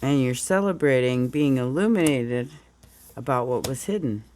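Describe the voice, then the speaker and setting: This tarot reader's voice is very deep, expressive and darkish, moving at normal speed. She sounds a bit under the weather and morning-groggy, wandering casually as she discusses the cards one by one.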